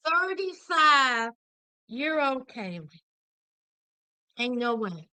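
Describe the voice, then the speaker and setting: Woman commentator, sassy and animated, high bright voice. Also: very slow, no echo. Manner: sassy, animated, Southern slang. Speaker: reality TV commentator. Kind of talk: casual reaction commentary.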